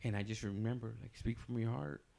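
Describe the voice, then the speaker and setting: A man's voice: mid-range voice, a little fast, gravelly, dark tone. A man telling a long personal story on a casual podcast, rambling loosely with many fillers and restarts.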